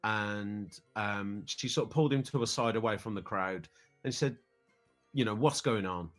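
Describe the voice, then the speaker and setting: A man's voice: on the low side, normal speed, fairly bright tone, faint music behind. A British man in his thirties, a podcast guest telling a family trip story in a casual, rambling way, often repeating words as he starts sentences. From United Kingdom.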